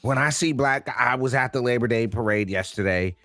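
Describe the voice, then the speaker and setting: A man co-hosting a podcast, talking in an animated, incredulous and slangy way. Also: medium pitch, a little fast, no echo, soft background music. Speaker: podcast co-host. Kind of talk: casual commentary chat.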